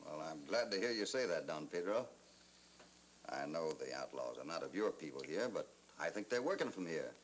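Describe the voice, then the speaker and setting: An actor playing a steady, easygoing cowboy hero with a wry edge in a 1940s Western film. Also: male voice, a bass voice, moderate pace, slight background noise, poor audio. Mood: calm.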